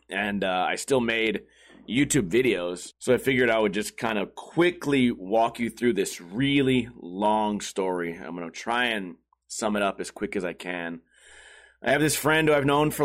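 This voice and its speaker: A man's voice: medium pitch, a bit bright. A young man telling a rambling story in a casual vlog, full of swearing and fillers. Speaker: streamer.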